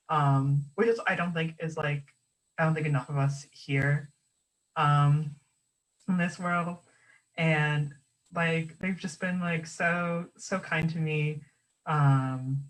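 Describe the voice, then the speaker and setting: A young adult panelist speaking in a halting, heartfelt way with many fillers, over a video call. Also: male voice, on the high side, low-quality recording. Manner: warm, halting, many fillers, gets emotional and laughs. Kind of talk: panel discussion.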